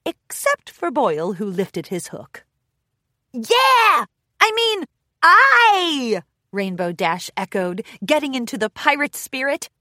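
Lady reading a kids story, super bright and bouncy, dry close sound. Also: mid-range voice, dry recording. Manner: expressive, lively. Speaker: audiobook narrator. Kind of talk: storybook narration.

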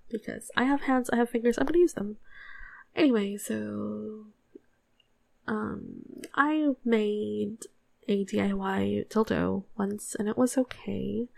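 A woman's voice: medium pitch, gravelly, darkish tone, no room sound. A young woman telling a casual story in a put-on Australian accent, chatty and rambling, giggling between remarks.

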